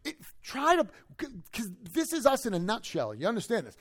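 A man with a high voice preaches to his congregation in church. He talks to the room conversationally, keeps checking that his listeners follow, and swings from loud, emphatic bursts down to low, hushed asides. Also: very animated, a little fast. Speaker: pastor. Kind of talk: expository sermon.

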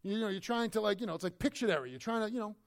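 A high-pitched man preaching a verse-by-verse sermon. He preaches with lively emphasis and jokes, then drops to low, quiet asides. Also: racing. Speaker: pastor. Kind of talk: expository sermon.

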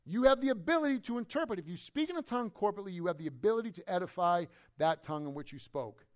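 A high-pitched man preaching a verse-by-verse sermon. He preaches with lively emphasis and jokes, then drops to low, quiet asides. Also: very fast. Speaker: pastor. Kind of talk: expository sermon.

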